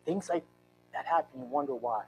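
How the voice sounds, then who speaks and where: A man in his fifties, a pastor, telling an emotional personal story in a church sermon with earnest, halting restarts. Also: mid-range voice, a little mellow, soft background music, low-quality recording. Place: church sanctuary.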